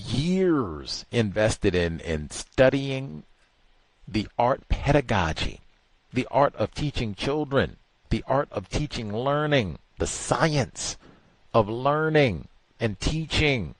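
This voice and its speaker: A man hosting a talk show, giving casual, exasperated commentary that swings from low mutters to incredulous high outbursts. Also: very animated, slow pace, no room sound.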